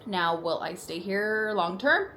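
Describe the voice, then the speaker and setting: A woman's voice: mid-range voice, lively intonation, takes it slowly, sharp tone, a little hiss or hum. A young adult woman vlogger telling a personal story in casual chat while doing her makeup, talking in a chatty way with frequent "like" fillers, at home in her apartment.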